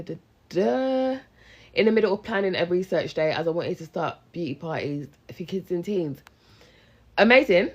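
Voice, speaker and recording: Low-voiced woman, young coach, slangy casual live stream chat. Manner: chatty, slangy, animated, responds to viewers. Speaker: business coach. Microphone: handheld phone live stream.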